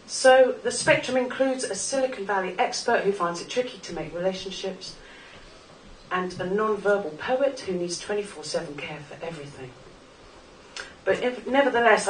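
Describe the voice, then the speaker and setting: Speaking at a live talk event in a small club, a woman in her forties shares something personal, earnest yet wry and laughing at her own jokes. Her mid-range, fairly bright voice reaches a far-off mic, carrying through an echoey room with faint hiss behind it.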